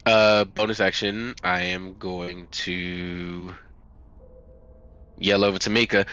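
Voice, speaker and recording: Bright-voiced man playing a tabletop game. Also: sits low, slow, clean tone, lo-fi sound. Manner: animated, describes his character's moves. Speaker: player.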